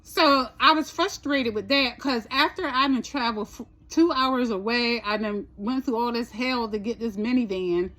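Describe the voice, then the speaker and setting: A chatty woman with a slightly high voice recounts a trip in a loose, rambling storytime style. She swears casually and keeps checking in with "right?", speaking. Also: fairly bright tone. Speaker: storytime vlogger.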